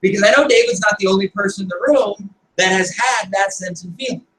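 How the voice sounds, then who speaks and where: A man's voice: sits high, a little fast, fairly bright tone. A man coaching a group in a meeting, firing off rhetorical questions and checking in with "right?" after his points. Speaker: business coach leading a meeting. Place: meeting room. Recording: echoey room, distant mic, faint noise.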